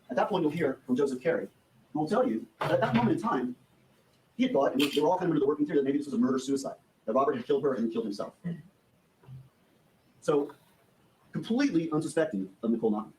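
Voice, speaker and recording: A man delivering a prosecutor's opening statement in court, laying out evidence to a jury and briskly acting out the quoted dialogue. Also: on the high side, lively intonation, darkish tone, a little hiss or hum, rough recording.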